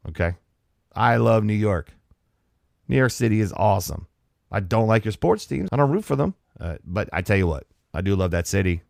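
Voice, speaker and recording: A man's voice: deep voice, creaky, no echo, clean studio sound. A man hosting a comedy podcast, ranting in a sarcastic, exasperated way with frequent restarts. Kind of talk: casual comedic rant.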